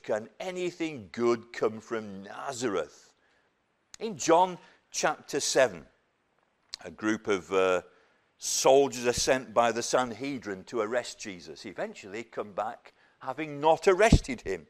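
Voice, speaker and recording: A preacher from the north of England delivers a sermon at an unhurried, deliberate pace. His pitch moves a great deal, rising for emphasis and then falling to hushed, gentle passages. The delivery stays earnest throughout. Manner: slow and emphatic, lively swings of pitch and loudness, dropping to soft near-whispers.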